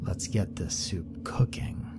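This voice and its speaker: A man's voice: fairly low pitch, slow, heavy background noise. A man whispering as a sadistic cheerful killer. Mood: menacing. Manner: hushed menacing whisper.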